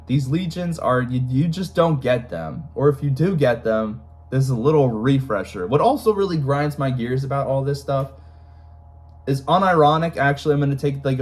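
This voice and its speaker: A young man hosting a lore video, talking in a casual, rambling rant full of fillers and sudden emphatic outbursts. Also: mid-range voice.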